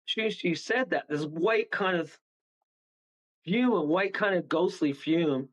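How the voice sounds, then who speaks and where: Animated man telling a ghost story. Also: a little high, takes it slowly, poor audio. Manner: animated, rambling, acts out voices, chuckles often. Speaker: guest medium. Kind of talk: casual storytelling on a talk radio show.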